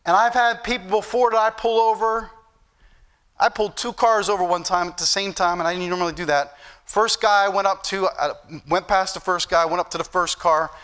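A man's voice: high voice, bright, forceful tone. A middle-aged man preaching a sermon, telling stories and acting out the dialogue with rising emphasis.

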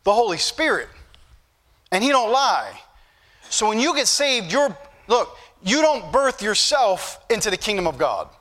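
Bright-voiced folksy preacher. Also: male voice, sits high, very animated, measured pace. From northern United States. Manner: folksy, joking asides, building to emphatic preaching. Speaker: pastor. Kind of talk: sermon.

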